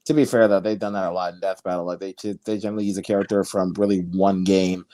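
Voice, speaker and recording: A man co-hosting a podcast in casual chat, relaxed and explaining his points with fillers. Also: low-pitched, fast talker, dry recording. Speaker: podcast co-host.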